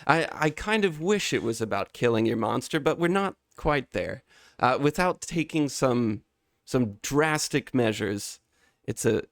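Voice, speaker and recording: A man's voice: medium pitch, vocal fry, no room sound, clean studio sound. A man co-hosting a podcast who tells stories vividly, in a casual chatty way. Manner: vivid storyteller, acts out panicked and calm voices in his telling. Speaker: podcast co-host. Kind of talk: casual podcast chat with a dramatic monologue.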